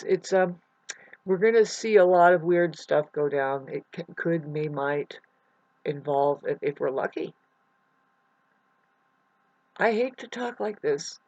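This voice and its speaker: A restless vlogger delivers a rambling, unscripted monologue into a computer mic, fragmented and full of restarts, swinging from mumbles to loud outbursts. The voice is medium-pitched with a breathy edge, and the home-mic sound is dull and muffled, with no echo.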